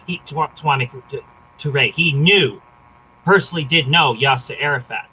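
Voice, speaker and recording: A man's voice: on the high side, measured pace, sharp tone, slight background noise, rough recording. A man hosting a casual political podcast, rambling with frequent hesitations.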